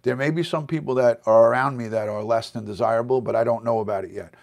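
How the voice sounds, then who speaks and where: A man's voice: mid-range voice, quick pace, creaky, darkish tone. A middle-aged American man chatting casually on a livestream from his home basement, answering viewer comments as he goes. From United States. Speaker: livestream host. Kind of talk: casual live-stream chat.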